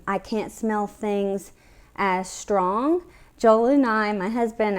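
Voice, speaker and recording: A woman's voice: medium pitch, clean tone. Breathless woman vlogging. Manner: conversational, candid, chatty with fillers. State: short of breath. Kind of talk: casual health vlog to camera.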